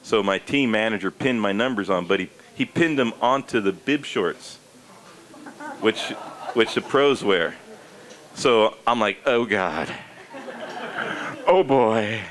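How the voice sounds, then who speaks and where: Middle-aged American man, comic raconteur with a lively, bouncing delivery. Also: a little slow, some chatter behind. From United States. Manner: animated, jumps into high squeaky character voices for quoted people. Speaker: cycling commentator and former pro racer. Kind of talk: comic storytelling to a live audience.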